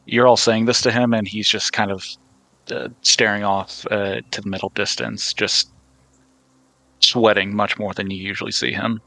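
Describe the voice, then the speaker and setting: A man narrating his tabletop character in a hesitant, halting way, his voice low and flat. The tone is bright and a little tense, and the sound is dry. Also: creaky, no echo, low-quality recording. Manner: hesitant, full of restarts. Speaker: tabletop game player. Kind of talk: casual role-play narration.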